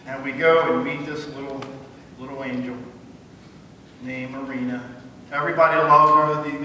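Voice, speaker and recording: Man, middle-aged, guest speaker, animated storyteller, slightly high voice, distant faint room noise. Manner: animated storyteller acting out phone calls. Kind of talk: storytelling talk to an audience. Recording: echoey hall, mic far off.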